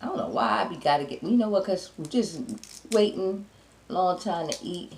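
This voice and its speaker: A woman's voice: lowish voice, moderate pace, creaky, darkish tone, a little hiss or hum. A woman vlogger talking to her viewers between bites of food, humming and chewing as she chats playfully. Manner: addresses viewers directly and playfully. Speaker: mukbang vlogger. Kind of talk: casual eating show chat. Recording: roomy echo.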